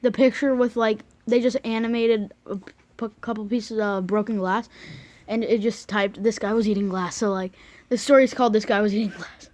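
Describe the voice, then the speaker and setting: A woman's voice: medium pitch, steady tone, normal speed, darkish tone, a little hiss or hum. A woman co-hosting a reaction video, explaining loosely with many fillers. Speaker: co-host. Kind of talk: casual reaction chat.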